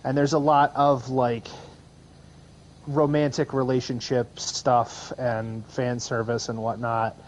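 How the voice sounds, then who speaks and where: Thirties guy rambling on a casual podcast, average pitch. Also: level tone, takes it slowly, rough recording. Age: 30s. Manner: rambling, lots of fillers and restarts. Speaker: podcast co-host. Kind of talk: casual chat.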